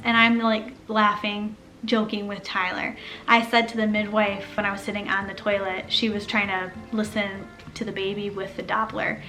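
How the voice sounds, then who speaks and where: A young woman casually telling her own birth story, chatty and animated, acting out what others said. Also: a little high. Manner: chatty, animated, acts out quoted speech.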